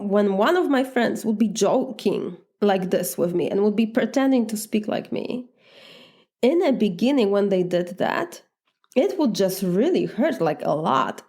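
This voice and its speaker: A woman's voice: mid-range voice, darkish tone. A woman with an Eastern European accent, a life coach talking earnestly in a solo podcast monologue, often adding "right?" to her points. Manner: earnest, reflective, frequent "right?" asides.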